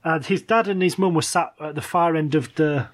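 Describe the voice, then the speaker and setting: A man's voice: on the high side, normal speed. A middle-aged man telling anecdotes in casual chat, hesitant with many fillers and laughing as he goes.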